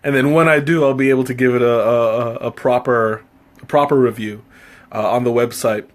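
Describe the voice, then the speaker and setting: A man's voice: mid-range voice, fairly even intonation, a little fast. A man hosting a casual live tea-tasting stream, chatting to his viewers in a rambling, self-interrupting way, laughing often and teasing himself. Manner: playful, self-mocking.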